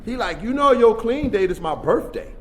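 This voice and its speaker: A man with a high, lively voice tells his own recovery story at a workshop. His streetwise storytelling swings from hushed asides to loud bursts, with a faint hum of the room behind him. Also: moderate pace. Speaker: recovery meeting speaker. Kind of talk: personal recovery share at a workshop.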